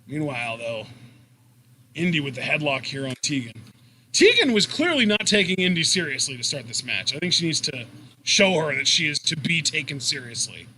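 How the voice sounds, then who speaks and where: This young man talks in a high, bright voice. He reacts with excitement, laughs a lot and swears freely in casual chat. Faint noise hums under the recording. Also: normal speed. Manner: enthusiastic, laughs often, swears. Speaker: co-host of a live wrestling reaction stream.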